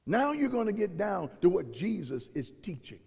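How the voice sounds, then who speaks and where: A man preaching a sermon in a slightly high, gravelly and husky voice. His words swell and ring with the long reverb of a big sanctuary as he acts out the people he quotes. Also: very animated, normal speed, a little mellow. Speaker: pastor. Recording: long reverb of a large hall.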